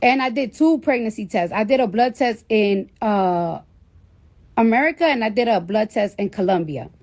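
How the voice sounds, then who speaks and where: A woman's voice: a little high, normal speed. Blunt, foul-mouthed woman telling a story. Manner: profane, blunt and chatty; animated, acts out quoted people. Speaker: celebrity telling a personal story. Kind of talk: casual storytelling.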